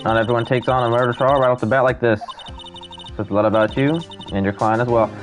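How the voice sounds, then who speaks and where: A man voicing a calm young woman who runs a law office, in a game read-through, with music faint behind. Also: mid-range voice, fast, close to an everyday voice. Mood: composed. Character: calm young woman boss, chief attorney.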